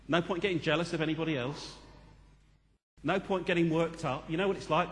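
A man in his fifties preaching a sermon as vicar, animated and joking at times, then earnest. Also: a little high, a little fast, big-room sound, a little hiss or hum. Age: 50s. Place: church.

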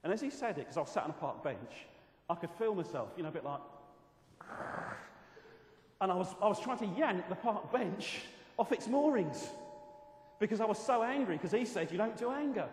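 A man preaching a sermon, expressive and animated, telling stories with self-aware asides. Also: high voice, moderate pace. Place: church hall. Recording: echoey hall from a distance.

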